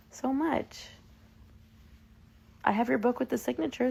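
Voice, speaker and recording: A woman's voice: a little high, a little slow, creaky, pauses often, dark tone, slightly rough, dull audio. A woman in her twenties chatting casually with fans on a live stream from her phone, emotional and full of fillers and restarts. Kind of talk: casual livestream chat with fans.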